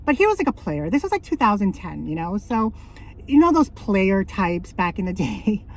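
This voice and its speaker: A woman's voice: mid-range voice, sing-song, moderate pace. A woman in her thirties telling stories in a rambling, casual vlog, often correcting herself and laughing. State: out of breath. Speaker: vlogger. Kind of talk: casual chatty storytelling.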